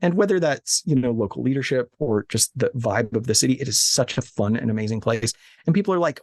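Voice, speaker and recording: Lively gravelly man telling stories. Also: mid-range voice, quick pace, no room sound, clean studio sound. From Alabama. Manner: animated, joking storyteller with frequent restarts. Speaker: guest. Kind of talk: casual interview chat. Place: his office.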